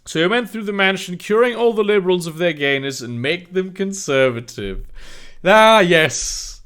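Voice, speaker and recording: A man's voice: high-pitched, lively intonation, moderate pace, fairly bright tone, smooth. A man doing a mocking comedic reading of fan fiction, breaking off for sarcastic, incredulous asides. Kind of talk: mocking dramatic reading with commentary.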